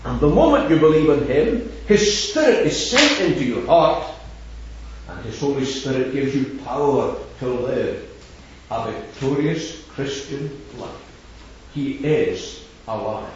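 A man's voice: mid-range voice, sing-song, a little slow, noisy background. A man preaching an evangelistic sermon, rising and falling with emphasis and repeating scripture. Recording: echoey hall from far off, dull lo-fi.

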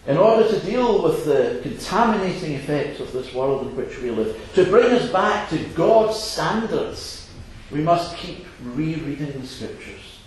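Male preacher, earnest sermon, slightly high, very lively delivery, big hall echo. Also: a little slow, hardly any pauses. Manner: earnest, varied, chuckling asides. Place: assembly hall. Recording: echoey hall, faint noise.

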